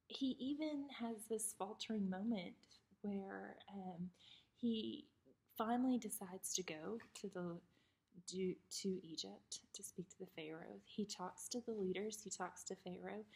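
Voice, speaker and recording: Casting note: young adult woman, husky and gravelly, chatty devotional talk with plenty of ums. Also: medium pitch, a little mellow. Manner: chatty, personal, filler-laden. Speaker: devotional speaker.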